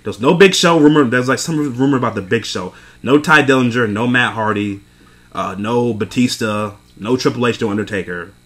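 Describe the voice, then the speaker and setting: A man's voice: medium pitch, fairly quick, a bit bright. A young man recapping a wrestling event in a casual, profane rant, exasperated and laughing between points. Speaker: wrestling show reviewer.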